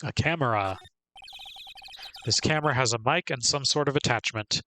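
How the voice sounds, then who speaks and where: A man's voice: mid-range voice, normal speed, sharp tone, faint music behind. A man streaming a video game, reading the dialogue aloud in a plain, mild voice. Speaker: gaming streamer.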